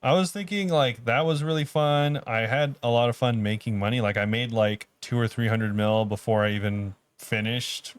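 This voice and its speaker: A man's voice: mid-range voice, steady tone, moderate pace, few pauses, smooth. A young man from Southern California co-hosting a podcast, laid-back and joking, full of slang. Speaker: podcast co-host. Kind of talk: casual chat.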